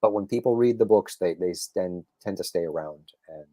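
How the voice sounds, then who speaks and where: A man, a comic book writer and guest on a casual podcast interview, telling stories with lively acted-out quotes and many restarts. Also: sits low, moderate pace, dry recording, studio quality. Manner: animated storyteller, acts out quotes, frequent restarts.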